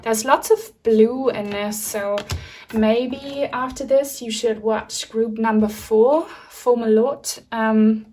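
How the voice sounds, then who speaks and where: A woman's voice: a little high, steady tone, takes it slowly, mellow. A woman giving a pick-a-card tarot reading in a soothing, reassuring spiritual tone. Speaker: tarot reader.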